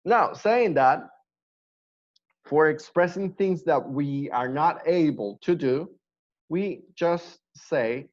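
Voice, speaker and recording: Slow, patient male English teacher. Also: mid-range voice, expressive, muffled recording. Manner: patient, repeats words slowly for drilling. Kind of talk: online class teaching.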